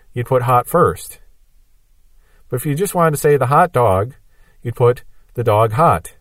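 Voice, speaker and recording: A man's voice: a little high, dry recording. A man giving a Bible prophecy lesson, explaining patiently with everyday examples. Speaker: Bible teacher.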